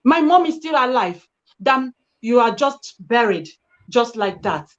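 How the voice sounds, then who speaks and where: High-voiced woman, muffled stream. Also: expressive, measured pace. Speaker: panelist. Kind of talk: casual live-stream discussion.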